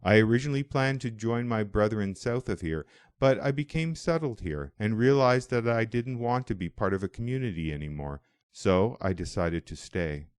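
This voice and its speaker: A man voicing an older hermit monk, devout and calm, who speaks in a booming but welcoming way in an audiobook. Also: moderate pace, clean tone, no echo, studio quality, lightly acted. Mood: earnest. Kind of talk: audiobook dialogue.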